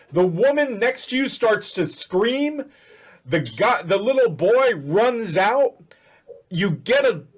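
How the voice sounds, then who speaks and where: Game master, male, high-pitched, rambling storyteller with lots of restarts. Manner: rambling, self-correcting narration. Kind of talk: narrating a tabletop game.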